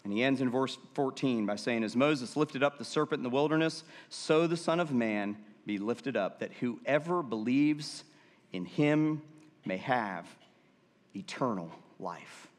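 A man's voice: medium pitch, a little slow. Man preaching in a reverberant hall. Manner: lively, asks the congregation to repeat words aloud; jokey asides between verses. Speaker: pastor. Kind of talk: sermon with scripture reading. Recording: long reverb of a large hall.

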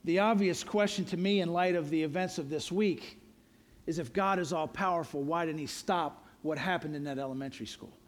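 A man with a high, bright voice preaches a sermon, earnest and emphatic. He leans on repeated refrains and drives each point home to the congregation. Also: brisk. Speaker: pastor.

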